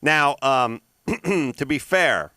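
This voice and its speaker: Male podcast host, animated comic delivery, bright tone, very expressive pitch. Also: drawn-out words, no room sound, clean studio sound. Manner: animated, jumps into silly character voices. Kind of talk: casual comedy podcast chat.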